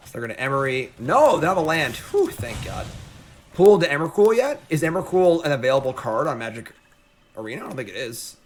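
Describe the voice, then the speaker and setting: Male streamer, excitable play-by-play commentary, lively swinging pitch, slightly high voice. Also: quick pace. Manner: excitable, talks to the audience as "folks". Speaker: streamer playing a card game. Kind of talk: casual gameplay commentary. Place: home.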